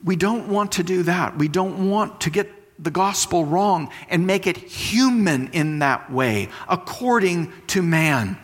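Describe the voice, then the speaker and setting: A man's voice: sits high, animated, measured pace, few pauses. A married man preaching a sermon, teaching through everyday comparisons and repeating key phrases for emphasis. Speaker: pastor. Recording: long hall reverb.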